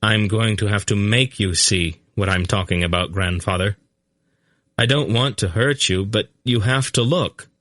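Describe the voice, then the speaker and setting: A man's voice: on the low side, a little slow, a bit bright, dry recording, studio quality. A man reading a grim, insistent young man.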